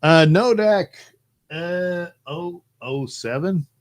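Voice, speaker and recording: A man's voice: sits high, expressive, takes it slowly, dry recording. A middle-aged man hosting a live stream, rambling and joking as he reads chat messages aloud.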